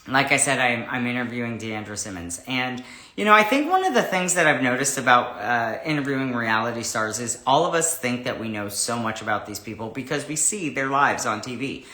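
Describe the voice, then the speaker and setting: A man hosting a livestream, greeting viewers and chatting in a rambling, animated way before an interview. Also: medium pitch, brisk, reverberant. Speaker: host. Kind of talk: casual livestream chat.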